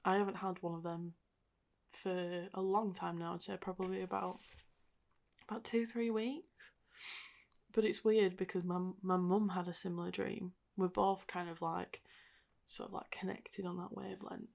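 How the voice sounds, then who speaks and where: Low, flat-voiced woman, rambling softly. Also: normal speed, creaky. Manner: rambling and reflective, heavy use of "like" and "sort of" fillers. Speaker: podcast host. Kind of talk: personal podcast monologue.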